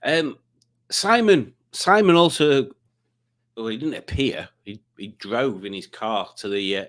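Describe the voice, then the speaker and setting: A man's voice: medium pitch, expressive, a little slow, a bit bright. Rambling male livestream quiz host. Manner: rambling, reads viewer comments aloud with asides. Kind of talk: casual livestream chat.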